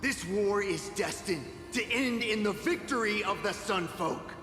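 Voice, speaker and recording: Scornful sun-folk zealot. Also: male voice, sits high, measured pace, music in the background. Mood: proclaiming. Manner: scornful and declaiming. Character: proud zealous male sun-folk leader. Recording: long hall reverb.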